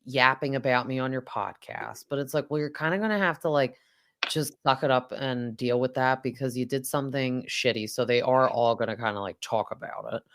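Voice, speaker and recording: A woman in her thirties hosting a casual chat, animated, laughing often and jumping into high-pitched impressions. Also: a little fast. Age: 30s. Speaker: podcast host.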